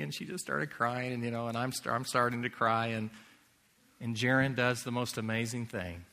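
A man preaching a sermon in earnest, sometimes dropping to a hushed near-whisper. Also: mid-range voice, steady tone, moderate pace. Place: large hall or chapel. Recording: long hall reverb.

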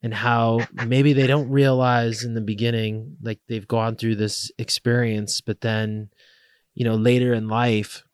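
A man's voice: mid-range voice, flat delivery, a little slow, smooth, no room sound, studio quality. A man hosting a podcast interview, asking long rambling questions with many fillers. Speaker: podcast host. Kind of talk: interview conversation.

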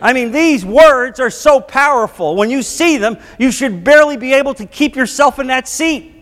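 A man's voice: very high-pitched, lively intonation, normal speed, a bit bright. A male pastor preaching a sermon with impassioned emphasis, building to emphatic declarations. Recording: long hall reverb.

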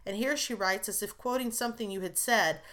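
A woman reading aloud as a gentle but firm mother who speaks kindly and calmly. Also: medium pitch, fairly quick, lightly acted. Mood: sorrowful. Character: gentle, calm mother of grown daughters.

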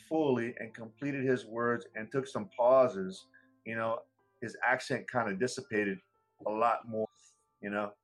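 A man's voice: mid-range voice, low-quality recording. Man, rambling casual talk. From United States. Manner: rambling, frequent "you know" fillers. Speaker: English teacher. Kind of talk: casual conversation.

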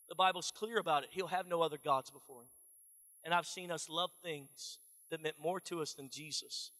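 A pastor from Texas, preaching an animated, folksy sermon in a church. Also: male voice, fairly high pitch, moderate pace, big-room sound. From Dallas, Texas.

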